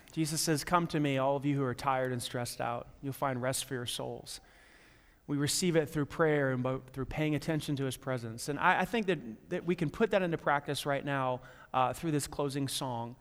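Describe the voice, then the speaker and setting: A man's voice: fairly high pitch, moderate pace, some chatter behind. A man acting as pastor who closes a sermon, speaking in an earnest, encouraging way. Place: church sanctuary. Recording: long hall reverb.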